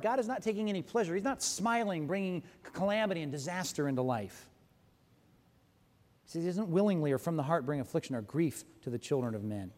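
A man preaching a sermon as a pastor, animated and emphatic, often stopping to correct himself. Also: on the high side, big-room sound.

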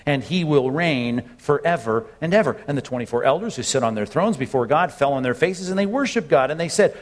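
A man's voice: on the high side, expressive, fairly quick, hardly any pauses. A man preaching an expository sermon in a conversational way, often checking in with his listeners and stressing key points with rising bursts. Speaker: pastor.

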